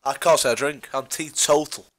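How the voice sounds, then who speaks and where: A man's voice: a little high, moderate pace, a bit bright. A man co-hosting a casual sports podcast, rambling with puns and many fillers. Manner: rambling, punning, filler-heavy. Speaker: podcast co-host.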